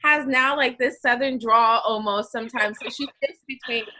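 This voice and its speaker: Young woman podcast host, bright clear voice, chatty and rambling, lots of "like" and "um". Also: on the high side, moderate pace. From United States. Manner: chatty, animated storytelling with many fillers. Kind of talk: casual interview chat.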